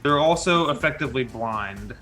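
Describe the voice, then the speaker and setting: A man at a tabletop game, calmly explaining rules to the table. His voice is mid-pitched. Clear music plays behind him. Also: normal speed. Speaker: player. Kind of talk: tabletop game play, casual.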